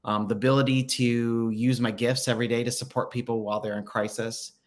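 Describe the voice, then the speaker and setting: A man's voice: mid-range voice, level tone, a little fast. A man hosting a spiritual direction livestream in casual chat, reading viewer comments aloud with many fillers and upbeat encouragement.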